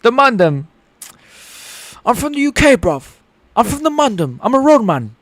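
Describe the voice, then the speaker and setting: A man's voice: very high-pitched, very animated, moderate pace, fairly bright tone, no echo, voice pushed up, full character voice. A man voicing a cocky young British street lad in a mock British accent, swaggering and full of slang. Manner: swaggering, slangy, repeats "bruv".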